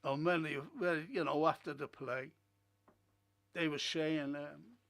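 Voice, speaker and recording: Speaking a little slowly in a steady, gravelly voice that's on the high side and fairly bright, a man hosts a film and TV review stream. He's a chatty storyteller who doesn't hold back his blunt opinions, talking casually through a streaming setup.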